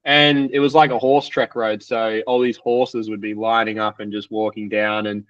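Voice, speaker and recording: A man's voice: on the low side, little pitch movement, normal speed, a bit bright, no room sound, distant mic, muffled recording. Young man telling stories, rambling. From Australia. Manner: rambling, full of "like" fillers. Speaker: triathlete guest. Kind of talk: casual storytelling in a podcast interview.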